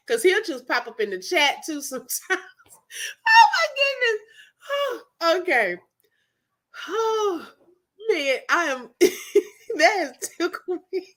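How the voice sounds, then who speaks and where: A woman, hosting a casual live chat and telling a story with frequent laughter. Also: sits high. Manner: laughs often, animated storytelling, talks to chat. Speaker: livestream host.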